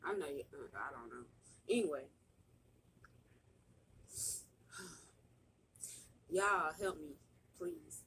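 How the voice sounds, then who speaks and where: A woman vlogger chatting slowly and easily to her viewers from home. She talks in a relaxed drawl and turns dramatic when she is joking. A faint hiss of room noise sits behind her voice. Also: low-pitched, vocal fry. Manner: dramatic, pleading to the Lord in a sing-song wail. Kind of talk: casual mukbang chat. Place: indoors at home.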